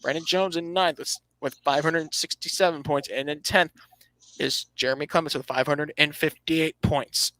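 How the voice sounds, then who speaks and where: A man with a bright, forceful, slightly high voice hosts a casual racing podcast. He reads off standings and gives his opinions with a dry, sarcastic edge, often restarting his phrases. The sound is dry and close. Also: fairly even intonation, moderate pace, no room sound, poor audio. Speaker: podcast host. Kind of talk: casual motorsport podcast talk.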